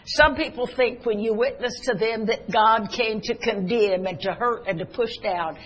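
An older preacher delivers a sermon in a husky, slightly breathy voice. Scripture and verse are read aloud with swelling, dramatic emphasis, at an even middle pitch. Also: normal speed, low-quality recording. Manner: reads scripture and recites poetry with rising dramatic emphasis.

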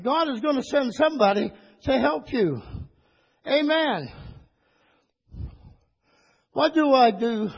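A man preaching a sermon to his church, rising into high, excited bursts and calling for amens. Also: breathy edge. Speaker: pastor. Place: church sanctuary. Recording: dull lo-fi church recording with long reverb.

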